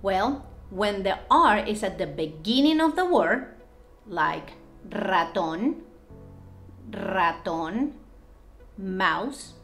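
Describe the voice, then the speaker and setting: A young woman giving a language lesson, saying each word twice with clear, careful enunciation before its English meaning. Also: mid-range voice, sing-song, slow pace, a bit bright, soft background music. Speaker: Spanish teacher.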